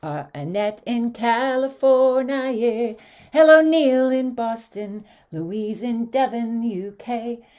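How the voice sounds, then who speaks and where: A woman with a fairly high voice hosts an online community sing-along over a video call. She greets a long list of viewers by name in a cheerful, animated way, with casual chatty asides. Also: takes it slowly, soft background music. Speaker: host.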